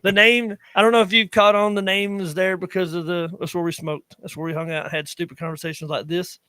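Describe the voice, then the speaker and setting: He has a high voice with a level tone, brisk pace, and a bright, forceful, clear, resonant quality, recorded dry. He's a podcast co-host in his thirties from Appalachia's western North Carolina, with an accent to match, who rambles through stories casually and keeps interrupting himself mid-sentence.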